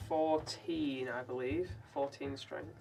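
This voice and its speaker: A man's voice: fairly high pitch, fairly even intonation, slow pace, vocal fry, recorded from a distance, a loud crowd. A man playing a tabletop game, matter-of-fact and dryly amused. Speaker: player. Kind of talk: casual tabletop game play.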